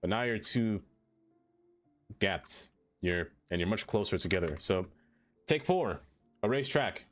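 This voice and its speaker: A man's voice: on the low side, lively intonation, a little slow, long pauses, soft background music. A man streaming a city-building game, chatting casually with viewers in a playful, teasing way. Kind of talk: casual live-stream chat.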